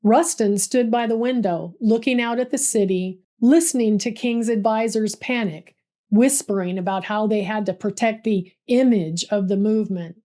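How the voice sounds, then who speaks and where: A woman's voice: mid-range voice, normal speed, dark tone. A woman narrating a scripted history story in a dramatic, vivid storytelling manner.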